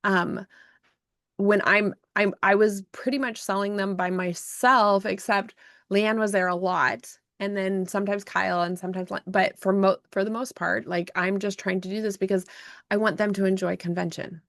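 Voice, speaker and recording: A woman hosting a podcast, telling an emotional story in an animated way, with frequent restarts. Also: mid-range voice, moderate pace, no room sound, studio quality. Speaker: podcast host and self-published author. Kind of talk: casual storytelling chat.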